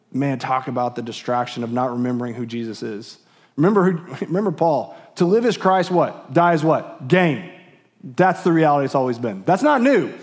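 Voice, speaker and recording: Male pastor, middle-aged, earnest sermon, slightly high voice, repeats himself. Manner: earnest, repetitive, with restarts and laughs. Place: church sanctuary.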